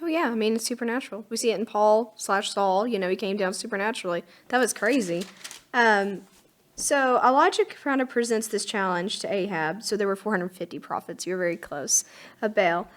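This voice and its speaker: A woman co-hosting a Bible teaching podcast, retelling scripture in a chatty, casual way with lively acted-out quotes. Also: mid-range voice, a little fast.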